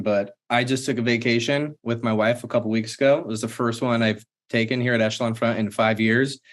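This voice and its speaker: Earnest man with a mid-range voice. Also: mid-range voice. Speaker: co-host. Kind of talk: casual Q&A talk.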